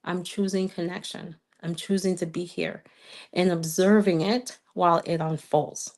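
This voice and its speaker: A woman's voice: on the low side, steady tone, measured pace, a little mellow. Earnest woman coaching with a slight accent. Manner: earnest, coaching, checks in with frequent "okay?"; repeats key phrases for emphasis. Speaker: twin flame coach. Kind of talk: live stream Q&A, answering viewer comments.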